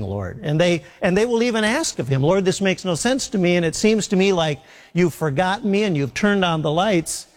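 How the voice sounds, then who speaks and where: Male preacher, fairly high voice, earnest sermon delivery, long hall reverb. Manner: earnest, emphatic, repeats key points slowly.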